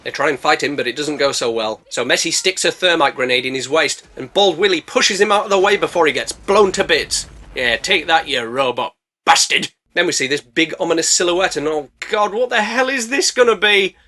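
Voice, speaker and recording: A man's voice: a little high, fairly quick, few pauses, pushed and bright. A man narrating a comedic movie recap in a sarcastic, jokey, slangy way. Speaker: movie reviewer.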